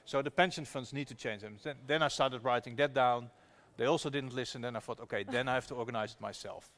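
Man, mid-pitched, earnest guest storyteller, keeps restarting phrases. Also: fast, fairly bright tone. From Netherlands. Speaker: activist investor guest. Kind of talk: storytelling conversation at a public talk.

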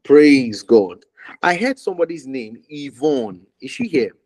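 A man's voice: mid-range voice, big pitch swings, a little slow, a little mellow, dry recording, poor audio. A man ministering prophetically over a call, declaring fervently with much repetition and sometimes dropping to a whisper.

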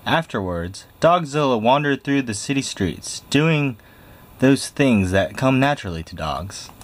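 A man reading a picture book aloud in a lively, expressive way. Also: medium pitch, a little slow. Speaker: storybook reader.

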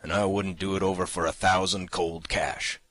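A man voicing a rough, gruff kidnapper who grumbles about his pay in an audiobook reading. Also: low voice, fairly even intonation, moderate pace, a bit bright, no room sound. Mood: grumbling.

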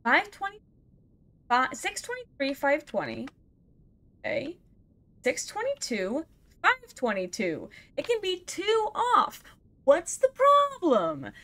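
Her high voice swoops wildly in pitch, a bit bright, and she takes things slowly with long pauses. She's a let's play gamer narrating her video game to herself in a casual, self-deprecating way, with laughs, groans, exasperated sighs and outbursts.

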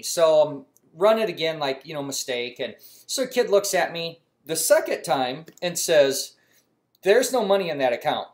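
A man with a voice on the high side, speaking at normal speed, hosts a mechanics channel and casually tells a funny personal story. He uses many fillers and restarts, getting animated when he quotes himself.

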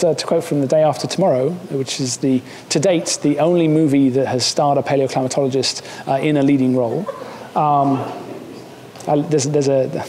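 A man's voice: mid-range voice, dark tone, in a large hall. A man giving a seminar talk, casual and joking, with many fillers and restarts. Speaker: seminar speaker. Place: lecture hall.

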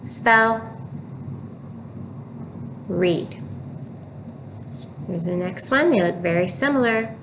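A woman teaching an early reading lesson, giving slow, clear prompts and repeating cues for children to read aloud. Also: fairly low pitch, animated. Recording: noticeable background noise.

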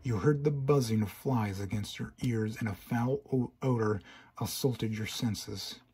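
A man's voice: fairly low pitch, a little slow, warm tone, breathy edge. A man reading a horror fan-fiction story in second person, with stumbles and restarts. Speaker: narrator.

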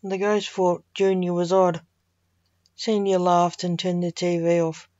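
Woman narrator reading a story, slow and plain, dry muffled recording. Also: on the low side, little pitch movement, mellow, dry recording.

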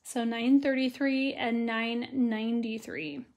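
A hoarse woman leads a relaxed live watercolor tutorial, her voice high and her pace unhurried. She chats along and greets viewers by name as she works. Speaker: watercolor instructor. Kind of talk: live-stream craft tutorial.

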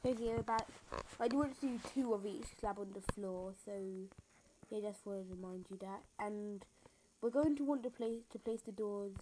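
A woman's voice: mid-range voice, normal speed, warm tone, slight background noise, poor audio. A woman talking through a building tutorial in a rambling, self-mocking way, full of fillers, recorded on a phone screen recorder. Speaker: game tutorial maker. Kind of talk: casual building tutorial commentary. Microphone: phone screen recorder mic.

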